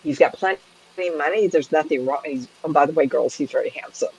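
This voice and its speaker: A middle-aged woman psychic medium telling a story in a chatty way, laughing often and throwing in lively asides. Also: low-pitched, fast talker, slightly rough, highs cut off. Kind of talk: storytelling to a camera.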